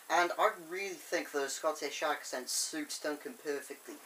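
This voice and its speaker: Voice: mid-range voice, moderate pace, hardly any pauses, a bit bright, low-quality recording. A fan vlogger rambling enthusiastically through a review, with lots of fillers, filmed on a camera on a tripod. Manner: enthusiastic, chatty, with many fillers.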